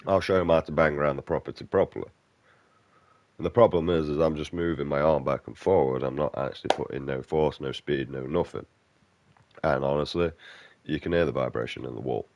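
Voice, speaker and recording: A man's voice: rumbling low, a little fast, vocal fry, a little mellow. A man giving casual gameplay commentary, ranting bluntly and swearing a lot. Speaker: game streamer.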